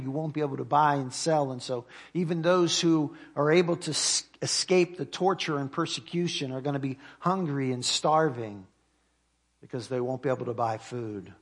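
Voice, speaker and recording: Earnest male pastor preaching. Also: medium pitch. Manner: earnest preaching, reads scripture aloud with rising emphasis; slows and drops to quiet at phrase ends. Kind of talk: sermon.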